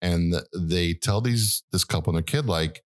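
Profane rambling man, low voice. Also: moderate pace. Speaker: podcast co-host. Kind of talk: casual chat.

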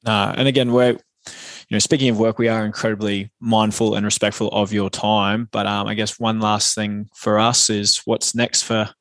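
A man hosts a podcast in a relaxed way, often fumbling and repeating words. His voice is very low and flat, recorded dry and close. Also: normal speed, dry recording. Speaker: podcast host. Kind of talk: casual interview chat.

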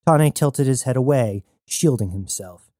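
A man narrating a sci-fi story in steady scripted storytelling. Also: mid-range voice, measured pace, dry recording, clean studio sound. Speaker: audiobook narrator.

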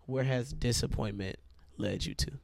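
Gravelly-voiced preacher man. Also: medium pitch, normal speed, darkish tone, dry recording. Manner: conversational, addresses listeners as y'all. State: itchy throat. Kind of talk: sermon.

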